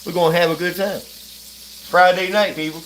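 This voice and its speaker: With a high-sitting, fairly bright voice and fairly even intonation, a man talks at a moderate pace during a casual livestream chat. He's at home cooking, using his phone as the mic, and he drawls, rambles and laughs frequently. Food fries and sizzles in the background, along with a little hiss or hum.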